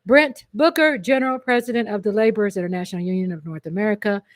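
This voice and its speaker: A woman from Texas with a Texan accent, hosting a casual livestream, reading out a list of names in a chatty, excitable way and correcting her own stumbles. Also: mid-range voice, fast talker, no room sound. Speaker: livestream host.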